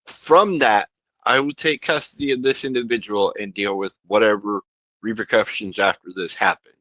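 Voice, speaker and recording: A man's voice: fairly low pitch, normal speed, fairly bright tone, no room sound, low-quality recording. A man playing his character in a tabletop game, reassuring and tacking "okay?" onto his lines. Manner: reassuring, keeps asking "okay?". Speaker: player.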